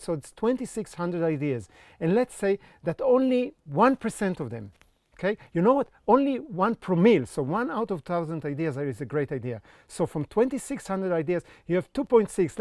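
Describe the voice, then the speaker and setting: A man's voice: sits high, a little mellow, dry recording, studio quality. A man teaching an online creativity course, speaking directly to the viewer and walking them through exercises with frequent check-ins. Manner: encouraging, checks in with frequent "okay?"; talks straight to the viewer, giving step-by-step tasks. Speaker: creativity coach.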